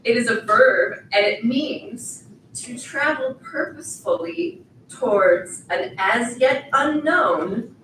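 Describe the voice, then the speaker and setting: A woman's voice: on the high side, lively intonation, slow pace, fairly bright tone, far from the mic, a little hiss or hum. A middle-aged woman giving a ceremony speech, playful and encouraging, talking straight to the graduates. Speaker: commencement speaker. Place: large event hall. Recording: echoey hall, voice heard from afar.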